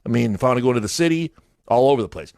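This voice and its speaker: This morning radio host has a gravelly, darkish mid-range voice with lively intonation, and he speaks rapid-fire. He tells a long, rambling story full of restarts while joking around with his co-hosts in the studio. His studio mic gives a studio-quality sound with no echo.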